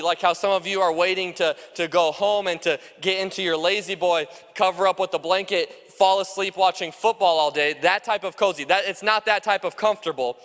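A man's voice: sits high, a little fast, a bit bright, big-room sound. A pastor preaching a sermon to his congregation, earnest and repetitive, with frequent fillers. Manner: earnest, repeats phrases for emphasis, many "uh" fillers. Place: church sanctuary.

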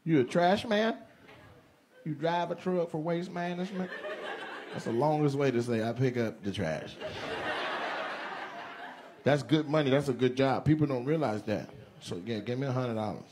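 A male stand-up comedian doing live crowd work, teasing audience members with quick questions and laughing asides. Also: medium pitch. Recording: live show with loud crowd and noise.

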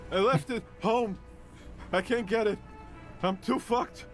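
A man's voice: high-pitched, slow, faint music behind, voice pushed up. A man putting on the voice of a scared, wheezing male dockworker, pleading and whiny.

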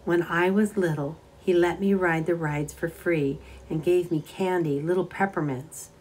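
A woman reading a story aloud and voicing a sad, timid young woman who speaks softly and hesitantly. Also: fairly low pitch, fairly even intonation, a little slow, a little hiss or hum, close to an everyday voice. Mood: sad wistful. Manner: soft, wistful, hesitant.

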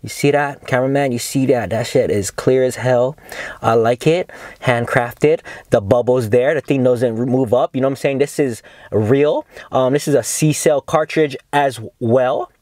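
A man's voice: mid-range voice, moderate pace, a little mellow, no room sound, studio quality. A young man talking in a casual, laid-back vlog review, full of slang and swearing, calling his viewers dog and bro. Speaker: cannabis reviewer.

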